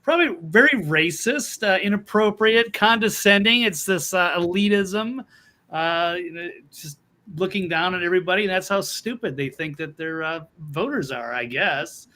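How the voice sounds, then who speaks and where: A man on a talk-show panel, speaking in a halting, filler-heavy way with a disapproving tone. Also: high-pitched, bright, forceful tone. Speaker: regular panelist. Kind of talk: casual talk show banter.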